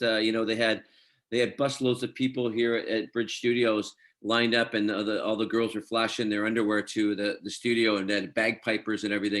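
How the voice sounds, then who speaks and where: A man's voice: on the low side, a bit bright. A middle-aged man from Scotland, an actor telling chatty anecdotes in an interview. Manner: chatty anecdotes, quotes others, laughs easily. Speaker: actor guest. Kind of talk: casual interview storytelling.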